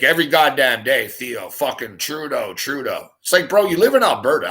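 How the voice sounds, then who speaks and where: A man hosting a sports talk show, ranting heatedly in a profane monologue full of rapid rhetorical questions. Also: on the high side, fairly bright tone.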